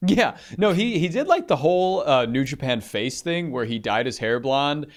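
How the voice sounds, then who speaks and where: A man's voice: on the high side, sing-song, normal speed. A man co-hosting a podcast, chatting casually and animatedly, swearing freely. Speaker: podcast co-host.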